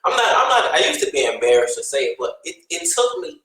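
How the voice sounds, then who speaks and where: A man on a discussion panel who speaks reflectively and haltingly, often restarting his sentences. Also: a little high, very animated, a bit bright, a little hiss or hum. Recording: very echoey room.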